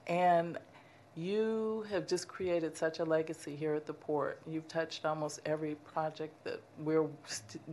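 A woman chairs a public commission meeting, her voice low and her delivery slow and unhurried. She gives heartfelt farewell remarks, with faint room noise underneath. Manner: warm, emotional farewell tribute with laughs.

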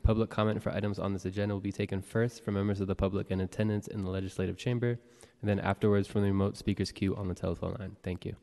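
A man serving as board clerk, reading the roll call and announcements in a brisk, formal way. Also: fairly low pitch, level tone, vocal fry, darkish tone. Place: city hall legislative chamber. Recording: long reverb of a large chamber.

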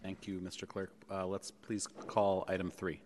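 Deep-voiced man chairing a public meeting. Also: completely flat delivery, a little mellow. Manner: measured, with frequent ums and uhs. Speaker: board chair. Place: legislative chamber in a city hall. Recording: long reverb of a large chamber.

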